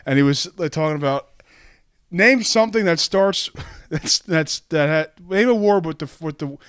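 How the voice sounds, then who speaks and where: A man's voice: a little high, moderate pace, a bit bright, clean tone, dry recording, clean studio sound. A young man co-hosting a podcast, rambling casually and restarting his stories as he goes. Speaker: podcast co-host. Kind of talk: casual chat.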